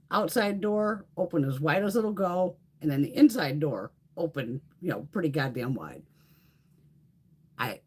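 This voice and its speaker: A woman with a lowish, husky voice chats casually on her beauty livestream. She tells stories in a lively, swinging tone and swears constantly. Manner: animated storytelling with frequent swearing. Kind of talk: casual chat.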